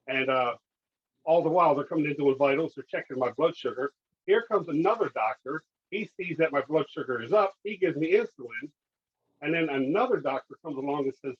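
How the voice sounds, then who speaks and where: A man's voice: fairly high pitch, brisk, husky, highs cut off. A man casually telling a podcast host a long personal story, acting out what the doctors and nurses said to him. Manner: animated, acts out dialogue with doctors and nurses. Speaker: guest.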